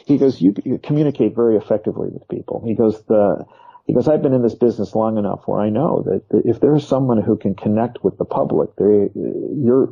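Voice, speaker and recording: A man's voice: on the low side, slightly rough, dull audio. A man, a physician, telling a story in an interview and quoting a past conversation line by line. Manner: retells a conversation with many "he goes", quoting dialogue.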